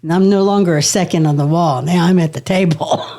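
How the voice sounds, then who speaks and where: A middle-aged woman tells a story with lively energy and frequent laughter, her voice sitting a little low. She lets a swear word slip now and then in a relaxed, casual podcast chat. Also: brisk. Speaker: podcast guest.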